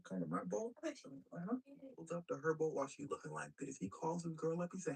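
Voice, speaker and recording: A man spins an old history story as street-slang comedy, full of energy and quick voice changes for each character. His voice has a husky edge and sits a bit back from the microphone. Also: fairly high pitch, recorded from a distance, rough recording. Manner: animated, jumps between voices for each character. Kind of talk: comic history retelling in slang.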